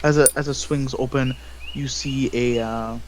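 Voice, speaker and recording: A man narrates scenes as the game master, mid-pitched and plain-voiced. He stumbles, repeats words and fills pauses as he goes. Steady noise runs under the recording. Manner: halting, many restarts and fillers. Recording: noisy home recording.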